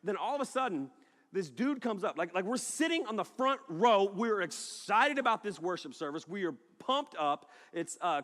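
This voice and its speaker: Bright-voiced man preaching in an echoing hall. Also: high voice. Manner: animated, laughing storyteller who shouts in excitement. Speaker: youth pastor. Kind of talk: energetic sermon with storytelling. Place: large hall. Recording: echoey hall with long reverb.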